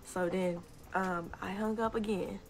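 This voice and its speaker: A young woman telling a casual story time on social media, animated and indignant, often breaking into laughter. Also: medium pitch, measured pace, noisy background. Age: young adult. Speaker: TikTok storyteller.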